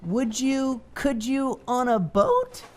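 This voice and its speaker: A very high, squeaky little storybook boy, put on by a woman reading aloud, who keeps pestering with bouncy sing-song questions. The voice leaps all over its range and takes its time with every word. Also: very animated, slow pace, full character voice. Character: eager persistent little Sam-I-Am, male, small.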